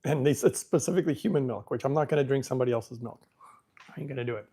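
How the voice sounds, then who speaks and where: Guy hosting a chill live q&a, thinking out loud, reading stuff off the screen, pretty sure of himself, mid voice. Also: medium pitch, racing, slightly rough. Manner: thinks aloud while reading from the screen, chatty and self-assured. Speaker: livestream host answering viewer questions. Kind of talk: casual live Q&A chat.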